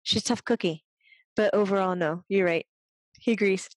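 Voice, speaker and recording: A woman's voice: medium pitch, moderate pace, no echo. A woman working as a medium on a talk show, chatting casually, laughing often and passing on what a spirit tells her. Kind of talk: casual chat.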